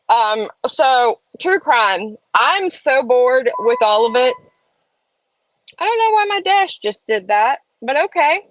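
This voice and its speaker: Casting: woman, slightly high voice, chatty live-stream host, dry close sound. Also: no room sound, poor audio. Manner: chatty, reads chat aloud, opinionated asides. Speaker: livestream host. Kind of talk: casual live-stream chat. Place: home room.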